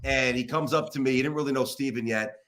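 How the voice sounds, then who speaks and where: A man's voice: medium pitch, quick pace. A middle-aged man, a sports radio host, telling a long story as a guest in a podcast interview, rambling and poking fun at himself. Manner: animated, rambling, self-mocking storyteller.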